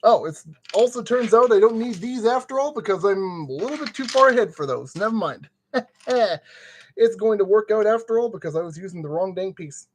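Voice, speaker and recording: A man's voice: high voice, lively intonation, normal speed. A man streaming as he builds a kit, muttering to himself with playful, goofy made-up exclamations, sweaty in the summer heat. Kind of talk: casual live-stream commentary.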